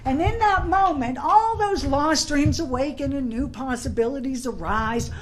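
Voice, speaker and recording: A woman from Pittsburgh giving a personal recovery talk, animated and laughing, shouting at peaks, then soft and earnest. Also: high voice, poor audio. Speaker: recovery meeting speaker. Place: convention hall.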